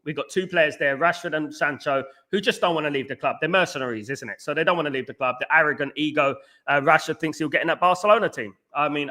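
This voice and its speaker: A young man from England, hosting a casual fan livestream, rambling, repeating himself and giving viewers shout-outs. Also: a little high. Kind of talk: casual livestream chat, reading viewer comments.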